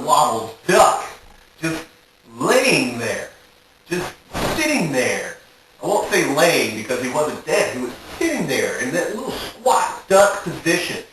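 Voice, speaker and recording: A young man tells a comic story to his camera, his voice sitting high and swinging widely as he acts out his own panicked reactions. He sounds a little far from the mic in a very echoey room, with a faint hiss behind him. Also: fairly bright tone. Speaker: vlogger. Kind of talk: animated storytelling monologue.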